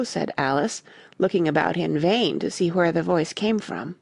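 A woman reading a classic storybook aloud as an audiobook narrator, expressive and animated. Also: fairly low pitch, moderate pace, gravelly, slightly rough, no room sound.

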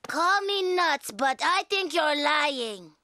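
A woman's voice: high-pitched, lively intonation, slow pace, pushed and bright, dry recording, clean studio sound, exaggerated voice. A woman voicing a feisty young cartoon heroine, blunt and challenging. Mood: suspicious. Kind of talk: cartoon voice acting.

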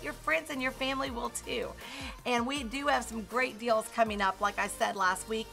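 A woman's voice: fairly high pitch, sharp tone. A woman hosting a live home shopping show, chatty and upbeat, talking straight to her viewers.

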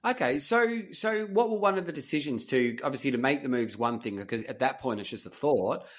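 A man's voice: mid-range voice, lively intonation, a little fast. Rambling Australian man hosting. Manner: rambling, restarts questions often. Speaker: podcast host. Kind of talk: casual interview chat. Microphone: video call.

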